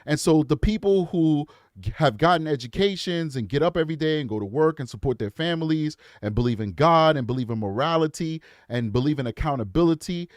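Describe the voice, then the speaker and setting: A man's voice: a little high, animated, brisk, no echo, studio quality. A man hosting a live true crime show, chatting casually and breaking into impassioned tangents. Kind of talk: live-stream commentary.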